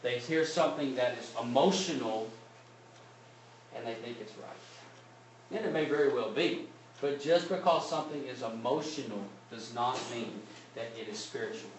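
Male preacher, emphatic delivery that swells and drops, slight hiss, roomy church sound. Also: moderate pace. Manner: emphatic, rises loud on key points then drops low. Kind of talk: sermon. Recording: echoey room, distant mic, faint hiss.

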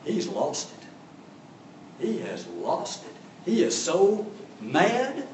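A man's voice: high-pitched, wildly swooping pitch, very slow, a little mellow, slight background noise. A man preaching a sermon, telling the story with drama and acting out voices. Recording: echoey room from a distance.

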